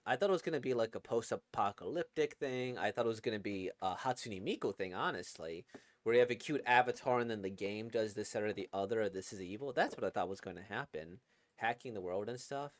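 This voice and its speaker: A man's voice: fairly low pitch, sing-song, quick pace. A man giving casual, rambling commentary on a game, with laughing asides. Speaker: game reaction host.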